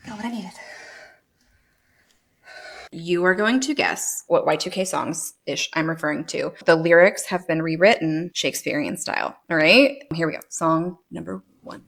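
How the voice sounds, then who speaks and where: A woman's voice: fairly low pitch, normal speed, creaky, a bit bright. Wry woman in a roomy space. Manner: wry, self-mocking asides. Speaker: comedy content creator. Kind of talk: casual comedic commentary.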